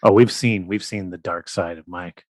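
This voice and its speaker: A man's voice: low-pitched, fairly even intonation, normal speed, dry recording. A man hosting a casual podcast interview, reasoning aloud in a conversational way. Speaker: podcast host.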